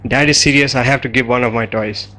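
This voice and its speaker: A stubborn, excited five-year-old boy protests insistently, as a male lecturer quotes him. The voice stays close to the speaker's own bright, forceful tone. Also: mid-range voice, quick pace, lightly acted.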